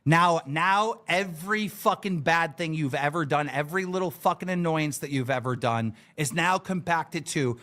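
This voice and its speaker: A man on a live stream, ranting furiously, swearing and shouting. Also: fairly high pitch, moderate pace, hardly any pauses. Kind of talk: angry rant on a live stream.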